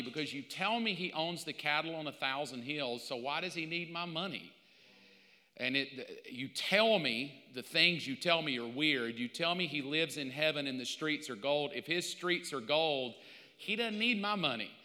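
A man preaching a sermon as pastor, telling stories with lively mock quotes. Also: on the high side, long reverb tail. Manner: animated storytelling with mock quotes.

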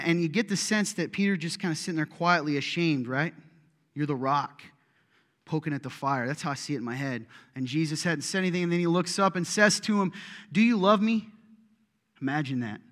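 A middle-aged man preaching a sermon to his congregation, swinging between loud bursts and hushed asides. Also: a little high. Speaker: pastor. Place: church auditorium. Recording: reverberant hall.

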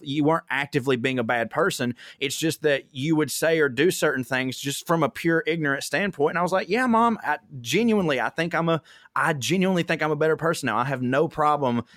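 A young man from the American South with a Southern accent, an animated storyteller who swears freely and acts out quotes in casual chat. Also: fairly high pitch, quick pace, no echo, studio quality. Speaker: comedian guest.

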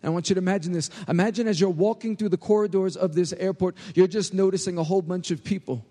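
Joking New York youth preacher. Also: male voice, sits high, fast. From United States. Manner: lively, joking, calls for crowd response. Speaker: youth pastor. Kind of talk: energetic sermon to a youth crowd. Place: large church hall. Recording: live hall recording with long reverb.

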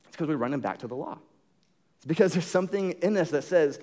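A man's voice: a little high, lively intonation, fast, mellow. A young adult man preaching a sermon as a pastor, conversational and jokey, full of fillers and restarts. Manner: jokey storytelling.

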